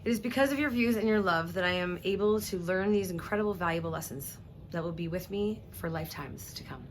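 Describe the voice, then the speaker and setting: A woman speaking earnestly and emotionally to her viewers, halting now and then and clearing her throat, close to tears. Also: on the low side, slight background noise. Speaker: vlogger. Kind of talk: emotional personal address to viewers.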